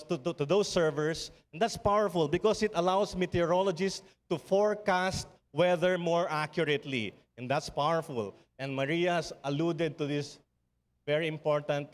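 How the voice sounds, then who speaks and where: A middle-aged man with a Filipino accent delivers a conference keynote with a slightly high voice. His speech is earnest and rousing, built on repeated refrains. His words ring out with a long reverb through a large hall. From Philippines. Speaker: summit speaker.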